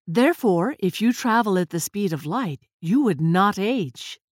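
A woman voicing a calm physicist explaining ideas in a measured way. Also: mid-range voice, dry recording, clean studio sound.

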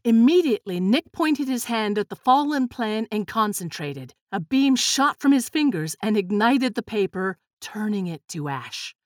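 A woman narrating a children's storybook in a steady, clear reading voice. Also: medium pitch, normal speed, few pauses, no echo, studio quality. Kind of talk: children's storybook read-aloud.

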